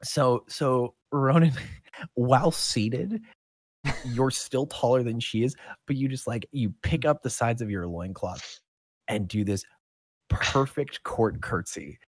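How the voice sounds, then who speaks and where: A man's voice: medium pitch, slow, slightly rough, no room sound. A man running a tabletop game as game master, narrating scenes in a loose, chatty way and laughing often.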